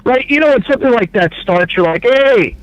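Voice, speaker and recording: A man's voice: high voice, expressive, fast talker, no echo, muffled recording. A man co-hosting a morning radio show, jumping in with jokes and rhetorical questions. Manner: wisecracking asides, rhetorical questions. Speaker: radio co-host. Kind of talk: casual radio chat.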